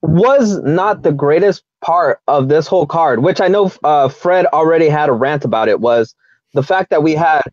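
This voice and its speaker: A man's voice: a little high, animated, moderate pace, darkish tone, no echo. A man co-hosting a casual sports chat, politely cutting in. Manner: interrupts politely, apologetic. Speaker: podcast co-host. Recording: dull lo-fi mic.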